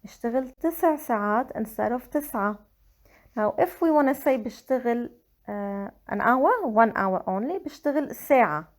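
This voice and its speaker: A woman with a Lebanese accent, slowly and carefully explaining grammar in a language lesson. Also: a little high, animated. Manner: slow, careful explaining with Arabic examples. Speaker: Arabic teacher. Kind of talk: scripted language tutorial.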